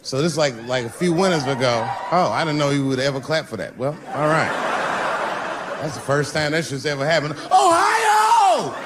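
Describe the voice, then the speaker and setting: A man performing stand-up comedy on stage in front of a live audience, animated and bursting into shouts. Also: mid-range voice, brisk. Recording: noisy live show recording.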